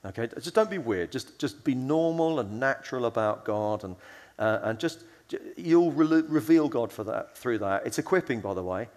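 A man's voice: mid-range voice, lively intonation, moderate pace, darkish tone, long reverb tail. A man giving a conference sermon in a conversational way, telling stories and acting out the voices he quotes. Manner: storytelling, acts out quoted voices; conversational with fillers and restarts. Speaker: conference speaker.

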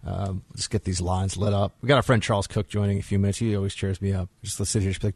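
Radio host guy, lowish voice, dry studio mic, chatty and animated telling a story. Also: fast, hardly any pauses, husky, no echo. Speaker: radio talk show host. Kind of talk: talk radio monologue.

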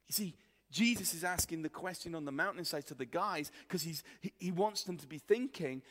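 A man preaching a sermon, telling the story in a lively, colloquial way and acting out the voices of the people in it. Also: high-pitched, moderate pace. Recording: long reverb of a hall.

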